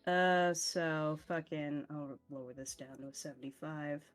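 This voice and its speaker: A woman's voice: low voice, fairly even intonation, a little slow, soft background music. A woman narrating a tabletop game as game master, casual and loose, swearing often.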